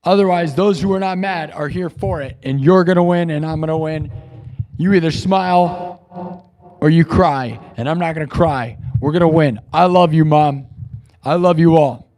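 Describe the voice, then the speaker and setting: A male live streamer with a somewhat high voice signs off with a hype pep talk to his viewers. He repeats his boasts about winning, now loud and proud, now low and reflective. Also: normal speed. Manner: boastful, repetitive hype, swinging between loud declarations and quiet musing. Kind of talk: livestream sign-off pep talk.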